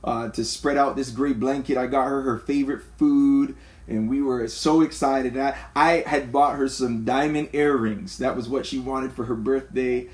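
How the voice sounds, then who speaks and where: A man's voice: medium pitch, normal speed. A man from Canada, a pastor, talking in a church conversation and acting out the people in his stories. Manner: animated storyteller, acts out quotes.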